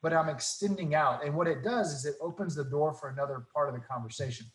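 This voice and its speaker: A man telling faith stories in casual talk, earnest and animated, acting out the dialogue. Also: a little high, fast, roomy sound, rough recording. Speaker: guest.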